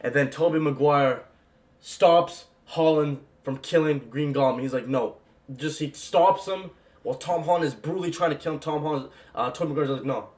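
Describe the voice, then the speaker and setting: Gushing young man, excited movie reaction. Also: on the high side, moderate pace. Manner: gushing, repeats "bro" and "man", bursts into yells.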